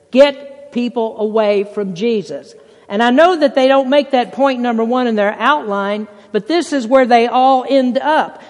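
A preacher in full sermon, pressing points hard and then dropping to a near hush before rising again. Scripture quotes are worked into the flow and given voices of their own. The sound rings with the long tail of a big hall. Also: medium pitch. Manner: emphatic, swinging between loud bursts and hushed passages.

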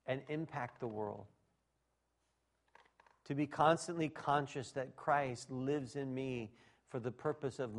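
A man preaching a sermon to his congregation in an animated, folksy way, with speech and shouted exclamations. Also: medium pitch. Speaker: pastor.

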